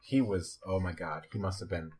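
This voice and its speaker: A man's voice: deep voice, moderate pace. A young man hosting a casual chat, telling funny work stories with a laugh and acting out what people said. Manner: animated, laughing storyteller who acts out quotes.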